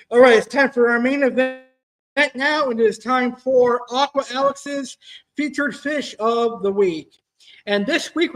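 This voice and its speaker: A man's voice: extremely high pitch, fairly bright tone. A man hosting an amateur online show, talking in an upbeat, enthusiastic way. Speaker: show host. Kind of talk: casual hosting.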